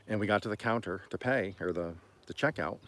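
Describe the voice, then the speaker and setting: A man from Oklahoma hosting a homestead livestream, telling stories in a rambling, folksy way and often clearing his throat. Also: lowish voice, fairly quick, fairly bright tone. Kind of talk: casual storytelling on a livestream.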